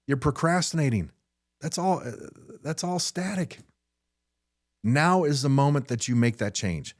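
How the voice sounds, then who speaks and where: A man's voice: mid-range voice, expressive, unhurried. A middle-aged man hosting a podcast, giving a blunt, frustrated motivational talk off the cuff, often repeating his first words as he starts a sentence. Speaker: podcast host. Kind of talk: unscripted motivational monologue.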